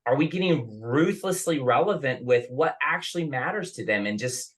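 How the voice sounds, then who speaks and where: A man's voice: medium pitch, expressive, normal speed. A man hosting a sales session over a video call, chatty and enthusiastic, often restarting his sentences. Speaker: host. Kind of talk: casual chat.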